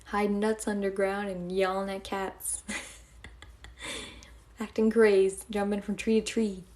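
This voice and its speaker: A woman's voice: mid-range voice, flat delivery, slow, a little mellow. A young woman live-streaming, chatting casually and giggling as she thanks her viewers.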